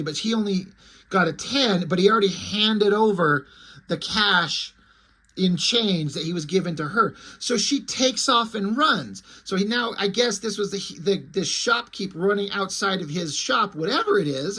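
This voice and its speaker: Snarky guy trashing a comic, swears a lot, rambles, bright sharp voice. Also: high voice, lively intonation, normal speed, breathy edge. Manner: sarcastic, profane, rambling. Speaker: comic reviewer. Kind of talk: casual comic review commentary.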